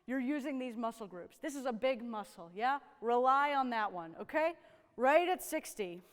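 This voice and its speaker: A woman's voice: sits high, animated, normal speed, long reverb tail. A woman horn teacher coaching young players in a rehearsal, upbeat and encouraging, often checking in with "right?". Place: rehearsal room with young musicians.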